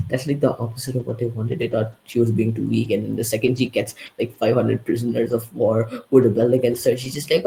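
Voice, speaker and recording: Gravelly, sarcastic young man ranting. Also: mid-range voice, steady tone, fairly quick, dark tone, low-quality recording. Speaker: co-host reviewer. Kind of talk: casual review chat.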